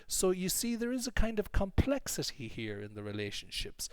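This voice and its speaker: A man's voice: high-pitched, wildly swooping pitch, normal speed, no echo. Emphatic English teacher, man, dry close sound. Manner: clear, emphatic teaching with repeated examples. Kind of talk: explanatory online lesson.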